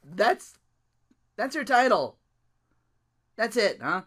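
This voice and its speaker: Lively, bright-voiced man ranting. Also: high-pitched, takes it slowly. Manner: animated, ranting and laughing, swears freely. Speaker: podcast host. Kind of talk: solo wrestling recap podcast.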